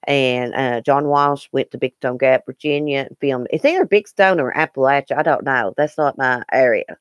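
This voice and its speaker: A woman's voice: a bass voice, normal speed, no room sound, clean studio sound. A woman hosting a casual live stream, chatting earnestly with viewers and replying to their comments. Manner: chatty and earnest, with frequent ums and restarts. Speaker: YouTube live-stream host.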